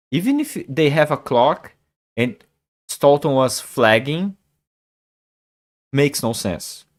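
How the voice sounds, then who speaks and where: Rambling man in his forties. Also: mid-range voice. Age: 40s. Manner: rambling, thinks aloud, repeats himself. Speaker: chess streamer. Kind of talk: casual live-stream chat.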